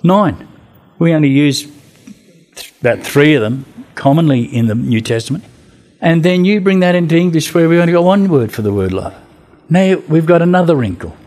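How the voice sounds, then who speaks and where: A man giving an informal talk on Bible translation, answering a group's questions in an animated way that climbs in pitch for emphasis. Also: normal speed. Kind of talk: casual teaching talk.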